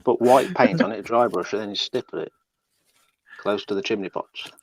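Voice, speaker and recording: A man in a casual chat giving deadpan, matter-of-fact advice and comments. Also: fairly low pitch, normal speed, no echo.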